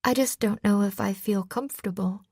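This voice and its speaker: A woman voicing a cheerful young female sailor in an audiobook, pitched a little higher than her narration. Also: moderate pace, mellow, breathy edge, dry recording, studio quality. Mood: hesitant.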